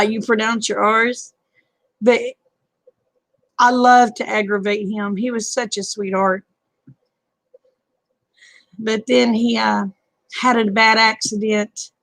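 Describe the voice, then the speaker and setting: A woman's voice: mid-range voice, flat delivery, slow, vocal fry, long pauses, fairly bright tone, dry recording. An older woman, hosting a casual late-night chat and calling viewers honey and babe. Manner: folksy, calls people honey and babe. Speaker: live stream host.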